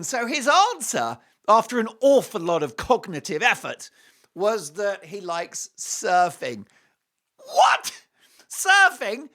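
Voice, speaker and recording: Sarcastic talk host, animated. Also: male voice, high voice. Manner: sarcastic, mocking, theatrical outbursts. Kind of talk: opinion monologue.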